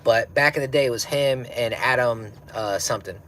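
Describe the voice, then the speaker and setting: A man's voice: mid-range voice, normal speed, a bit bright, slight background noise. A man hosting a livestream while stoned, rambling in a slangy way and laughing often as he chats and reads comments. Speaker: livestream host. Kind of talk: casual livestream chat, reading comments.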